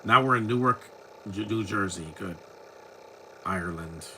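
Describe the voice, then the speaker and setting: A man's voice: low voice, a little slow, noisy background. A man from the United States, hosting a casual live movie commentary, rambling and opinionated with many restarts.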